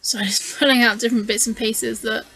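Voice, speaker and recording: A woman with a crisp, bright tone that sits a touch high talks a viewer through her scrapbooking in a loose, hesitant voice-over. She sounds a little tired and yawny, and she fills her pauses with frequent ums as she thinks aloud. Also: steady tone, low-quality recording. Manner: rambling, hesitant, with frequent fillers. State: tired, yawning. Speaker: scrapbooking channel host. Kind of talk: casual voice-over narration of a craft video.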